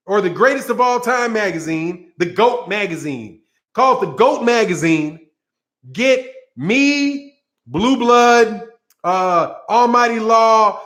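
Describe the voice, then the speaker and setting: A man with a high voice rants about boxing in a loose, casual way. He rambles and repeats himself, and his sarcasm keeps breaking into laughter. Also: fairly bright tone. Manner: sarcastic, mocking. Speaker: boxing channel host.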